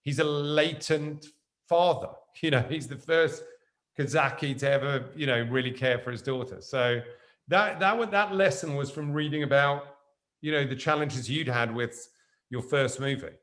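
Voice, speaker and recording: A middle-aged man, a guest in a casual conversation, telling lively anecdotes. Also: medium pitch, normal speed.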